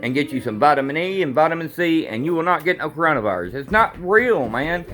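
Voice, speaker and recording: A father ranting to the camera at home in a casual, repetitive, animated way. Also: on the high side, fast talker. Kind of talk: casual political rant.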